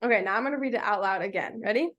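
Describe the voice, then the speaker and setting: A woman's voice: mid-range voice, very fast, fairly bright tone, lo-fi sound. A woman teaching a small reading group, patient and encouraging, asking the children many questions. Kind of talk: classroom instruction to children.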